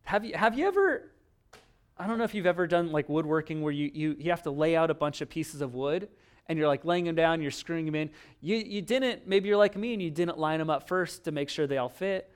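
A man's voice: on the high side, expressive, fairly quick, clear, resonant tone. A man preaching a sermon in a conversational, self-deprecating way, acting out little dialogues. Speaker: pastor.

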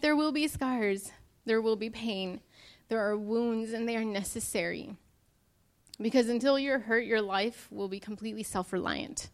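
A young woman preaching a sermon to her church, earnest and emotional as she speaks to the congregation. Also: a little high.

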